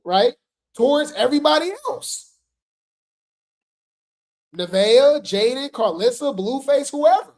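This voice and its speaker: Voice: medium pitch, a little mellow. Chatty gossip commentary host. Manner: chatty, addresses viewers as "y'all", filler "right?"; laughs while talking.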